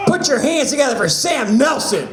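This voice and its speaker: A man hosting a comedy open mic with a high, lively voice that jumps around as he teases and announces comics. His delivery is dry and teasing, with loud introductions. The sound is echoey, like a small room. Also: moderate pace, over a noisy crowd. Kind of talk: stand-up hosting banter.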